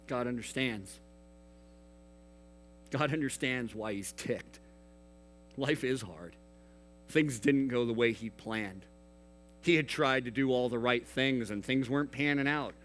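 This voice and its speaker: A man preaching a youth sermon in an earnest manner, swinging between hushed and emphatic. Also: mid-range voice, measured pace, long pauses, faint music behind, low-quality recording. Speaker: youth pastor.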